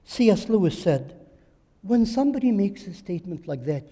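A man's voice: sits high, big pitch swings, normal speed, mellow, slightly rough. Emphatic male preacher in a reverberant hall. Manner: emphatic, rhetorical questions and repetition. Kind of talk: sermon.

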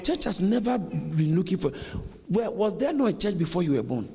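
A man preaches with lively swings of pitch in a slightly raised voice. He acts out the scripture voices as he goes. His words ring with the long reverb of a church hall. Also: normal speed, gravelly, crowd noise. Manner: animated preaching, acts out dialogue. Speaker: pastor. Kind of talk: sermon.

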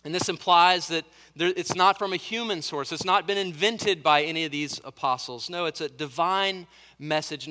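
Bright-voiced male preacher in a reverberant church. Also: a little high. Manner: earnest, emphatic preaching with repeated phrases. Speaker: pastor. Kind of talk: sermon.

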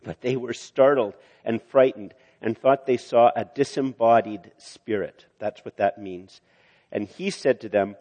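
An older man preaching a sermon, acting out quotes and rising to loud emphasis. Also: fairly low pitch, normal speed. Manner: animated, rises loud for emphasis, acts out quotes. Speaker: pastor. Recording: long hall reverb.

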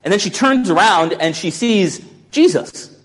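A man's voice: high-pitched, lively intonation, unhurried. A pastor preaching a sermon in a musing, conversational way, often restarting his sentences.

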